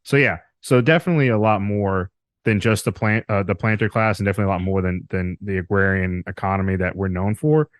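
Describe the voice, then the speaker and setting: A man's voice: lowish voice, steady tone, fast, dry recording, clean studio sound. A man from Alabama, a podcast guest chatting casually, rambling with frequent laughs and loose swearing. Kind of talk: casual interview chat.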